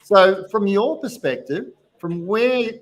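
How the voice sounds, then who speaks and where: A man's voice: high-pitched, slow. A man hosting a casual chat, asking long rambling questions with restarts. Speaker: podcast host.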